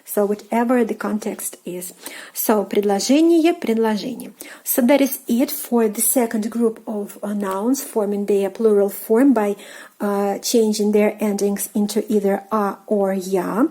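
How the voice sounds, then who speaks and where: Russian-accented woman teaching, mellow tone. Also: mid-range voice, steady tone, a little slow. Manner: unscripted explaining, many fillers, repeats words for practice. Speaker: language teacher. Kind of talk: online language lesson.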